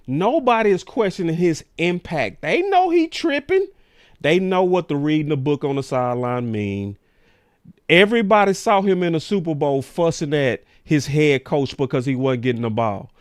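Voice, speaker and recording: A man's voice: fairly high pitch, big pitch swings, moderate pace, no echo, studio quality. A man hosting a sports talk show, ranting in a casual, slangy way.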